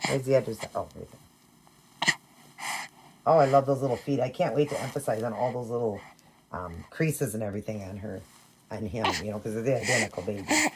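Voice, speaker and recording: A woman chatting casually in a vlog, talking softly and fondly while she dresses her dolls. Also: extremely low pitch, fairly quick, pauses often, husky. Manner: soft, doting, rambling. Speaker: doll collector and vlogger.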